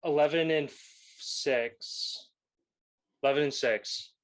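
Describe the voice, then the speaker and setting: Laughing, higher-voiced young man. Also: slow pace. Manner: laughs often, loose and joking. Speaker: podcast co-host. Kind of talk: casual sports chat.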